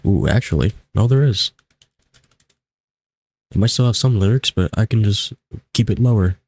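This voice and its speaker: A man's voice: fairly low pitch, lively intonation, normal speed, darkish tone, slightly rough, dry recording. A young man commentating a live game stream in a casual, rambling way, still groggy in his morning voice, on a desk mic at his home setup. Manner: casual, rambling, self-talk while playing. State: groggy just-woke-up morning voice. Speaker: livestreamer.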